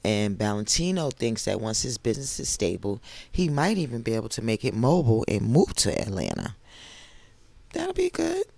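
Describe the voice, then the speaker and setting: A man with a hoarse voice that has not fully recovered, recapping a reality TV episode in a chatty, gushing way with lots of asides. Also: medium pitch, huge pitch swings, moderate pace, a little mellow, dry recording. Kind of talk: casual TV recap commentary.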